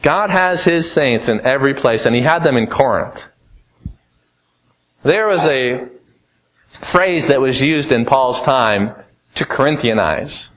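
A man preaching a sermon, emphatic, rising to fervent peaks and dropping to low, grave tones. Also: lively intonation, slow pace, pauses often, fairly bright tone, poor audio.

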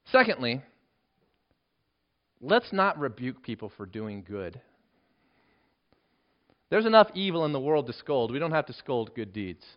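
A man preaching a sermon with earnest emphasis, dropping to a hushed voice for key points. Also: medium pitch, sing-song, measured pace, long pauses. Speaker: pastor. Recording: dull lo-fi sermon recording.

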